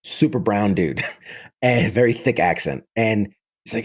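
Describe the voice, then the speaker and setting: Husky low-voiced man in his thirties. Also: animated, measured pace. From New York City. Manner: vivid, frequent restarts and self-corrections. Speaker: military veteran guest. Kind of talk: casual personal storytelling.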